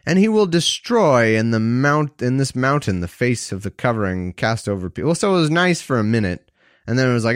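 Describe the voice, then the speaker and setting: A man's voice: mid-range voice, sing-song, normal speed, dry recording, clean studio sound. A man reading scripture aloud, breaking off with wry, casual asides. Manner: wry asides between verses.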